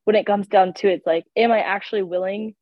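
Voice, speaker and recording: A woman's voice: mid-range voice, steady tone, quick pace, no echo. Young woman, stuffy sick voice, rambly podcast chat, tinny phone-ish sound. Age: young adult. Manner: rambling, lots of "like" fillers. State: congested, sick. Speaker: podcast co-host. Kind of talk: casual faith podcast chat.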